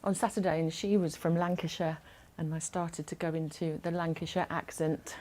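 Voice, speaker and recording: A woman with a slightly low voice guides a chair exercise class. She gives clear, encouraging step-by-step instructions, heard through a video call. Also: fairly even intonation, normal speed, a little mellow.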